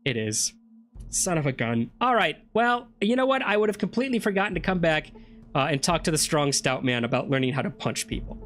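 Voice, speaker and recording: A man's voice: a little high, very animated, a little fast, fairly bright tone, faint music behind. A man giving chatty let's play commentary, thinking aloud and questioning himself as he plays an old computer game. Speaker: gameplay streamer.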